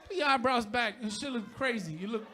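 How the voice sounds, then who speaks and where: High-voiced, profane stand-up comedian man. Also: fairly quick, some chatter behind, slight background noise. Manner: profane, shouting punchlines.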